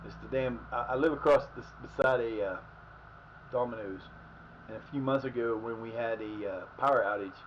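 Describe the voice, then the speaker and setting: A man streams live gameplay from his home in a hoarse, fading, mid-range voice, talking a little fast. He rambles about the game and his day and swears freely at his players, while the slightly muffled audio carries a faint hiss.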